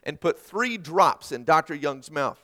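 A man voicing a crafty, deadpan old retired doctor in a told joke, dropping his voice low. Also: measured pace.

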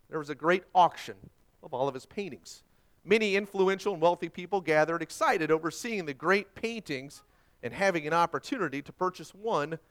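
A man, a pastor preaching a sermon with expressive storytelling and dramatic pauses. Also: high-pitched.

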